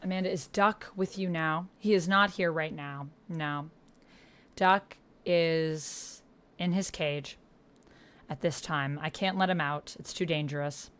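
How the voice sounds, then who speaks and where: A woman's voice: low-pitched, fairly even intonation, slow pace, a bit bright, clean tone. A woman streaming live, chatting playfully with her viewers and counting out exercises aloud. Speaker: gaming livestreamer. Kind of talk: casual livestream chat with viewers.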